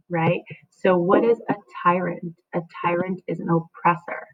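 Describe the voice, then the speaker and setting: A woman's voice: lowish voice, steady tone, normal speed, few pauses. A woman teacher explaining a play to her class, checking in often with "right?" and "okay?". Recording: tinny phone-like sound.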